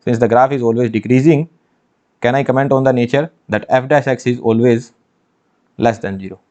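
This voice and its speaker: With fairly even intonation and a mid-range, slightly mellow voice, a man moves at a fairly quick pace through an online engineering maths lecture for exam prep. He is emphatic, repeating phrases and posing rhetorical questions, on dull lo-fi audio.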